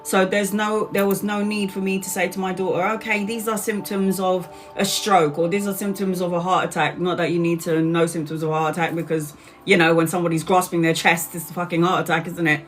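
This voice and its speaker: A woman's voice: on the low side, little pitch movement, fairly quick, faint music behind. Blunt, swearing woman streaming live. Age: 40s. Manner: swears freely, greets viewers by name mid-story. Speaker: tarot reader hosting a live stream. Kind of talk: casual live-stream storytelling.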